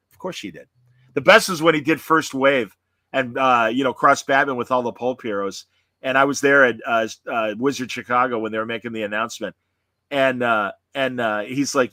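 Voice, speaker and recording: A man's voice: medium pitch, brisk, sharp tone, dry recording. A man hosting a podcast in casual chat, rambling and self-deprecating, often slipping into voices. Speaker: podcast host.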